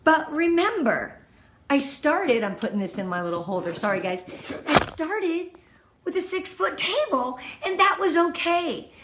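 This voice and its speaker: This woman's voice is high and sing-song, a bit bright, and unhurried, with slight background noise and an echoey room. She's a direct-sales consultant at home in front of her product display wall, giving her team an enthusiastic, gushing training talk about presenting online parties.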